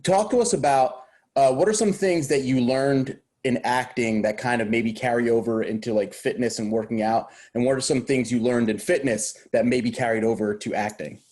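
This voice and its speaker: A man hosting a casual interview, asking questions in a relaxed way between short acknowledgments. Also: medium pitch, moderate pace, hardly any pauses. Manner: relaxed, brief backchannels and laughter. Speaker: interview host.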